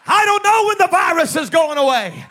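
A man preaching a sermon to a church congregation, emphatic and shouted, with slow drawn-out refrains. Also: extremely high pitch, sing-song. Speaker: pastor.

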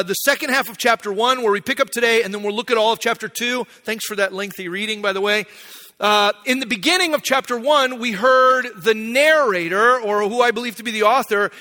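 A man's voice: very high voice, a little fast, sharp tone, in a large hall. A middle-aged man, a pastor, giving a conversational, self-deprecating sermon in a church sanctuary.

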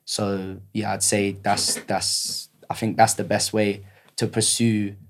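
A man's voice: on the low side, little pitch movement, slow. A man, a guest on a podcast, giving casual advice and often repeating words and restarting sentences. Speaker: actor guest.

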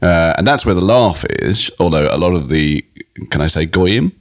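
A man's voice: low voice, animated, moderate pace, dry recording, clean studio sound. A middle-aged British man, a comedian, telling stories in a rambling way with frequent restarts. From Britain. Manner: rambling, self-interrupting storyteller with frequent restarts. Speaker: comedian guest. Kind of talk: casual interview chat.

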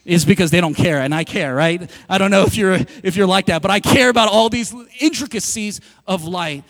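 High-voiced animated male pastor. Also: fairly quick. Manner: animated, conversational, acts out quoted dialogue. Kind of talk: sermon. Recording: long hall reverb.

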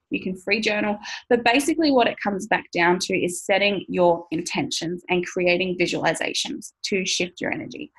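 A woman's voice: medium pitch, poor audio. Chatty woman coaching on camera. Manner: chatty, swears casually, laughs often. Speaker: money mindset coach. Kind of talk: casual talking-to-camera coaching.

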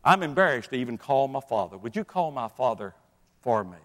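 A male preacher voicing a contrite young man who has come home, speaking low and halting. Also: very animated, a bit bright. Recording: long reverb of a large hall.

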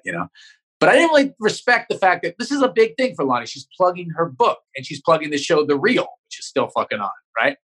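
A man's voice: fairly high pitch, animated, fairly bright tone. A man, a comedian guest, telling a profane story in a podcast interview, often tagging sentences with "right?". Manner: rapid, profane, keeps checking in with "right?".

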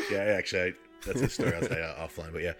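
A man telling a story to friends in casual chat, animated, swearing and laughing as he goes. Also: low voice, quick pace, music in the background.

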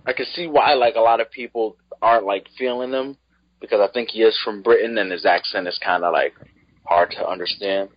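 A podcast co-host with a lowish, husky voice, talking casually and hesitantly with plenty of ums. The sound is dry and somewhat dull. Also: male voice, fairly quick, no room sound. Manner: hesitant, lots of ums, lists tracks. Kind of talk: casual chat, album review.

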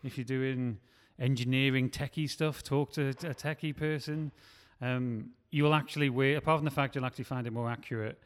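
A man's voice: mid-range voice, fairly even intonation, a little fast, few pauses, clear, resonant tone, big-room sound. A man, a scriptwriter, talking casually and rambling with many restarts. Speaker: scriptwriter and podcast host. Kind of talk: casual chat.

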